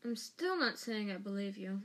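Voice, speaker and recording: A woman's voice: medium pitch, lively intonation, moderate pace, fairly bright tone, natural voice. A woman voicing a defiant teenage boy wizard in a fan audiobook reading, speaking up with indignation.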